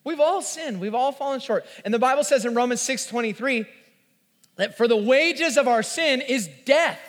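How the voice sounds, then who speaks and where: A man in his forties preaching a sermon, telling the story in an animated way and acting out the voices. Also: very high voice, moderate pace. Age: 40s. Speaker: pastor. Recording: reverberant hall.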